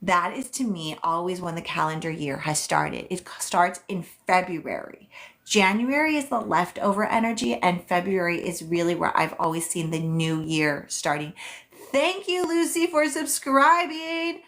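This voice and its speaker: Lowish-voiced woman doing a psychic live stream, chatty, lots of um and like, reads out viewer questions. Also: gravelly, fairly bright tone. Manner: chatty and quick, with many "um"s and "like"s, reading viewers' questions aloud. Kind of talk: casual live-stream chat answering viewer comments.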